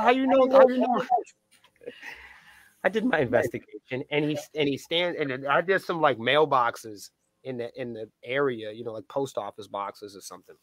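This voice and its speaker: Here a band's point of contact, a man, spins profane, animated stories on a casual podcast interview, voicing the dialogue as he goes. He has a mid-range voice, recorded with no echo.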